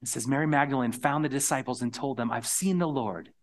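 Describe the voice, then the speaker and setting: A man preaching a sermon, earnest and storytelling, sometimes dropping to a hushed whisper on key words. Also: mid-range voice, fairly quick. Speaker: pastor.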